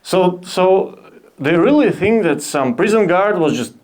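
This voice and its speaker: A young man from Belarus with a Belarusian accent, doing a halting, deadpan stand-up set at a comedy club. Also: sits high. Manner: deadpan, halting, with restarts and self-deprecating asides. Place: comedy club stage with a laughing audience. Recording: live club audience laughter.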